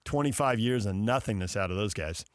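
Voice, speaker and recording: A man's voice: fairly low pitch, lively intonation, a little fast, a little hiss or hum. A man hosting a sports talk show, riffing casually with sarcastic asides and mock dialogues.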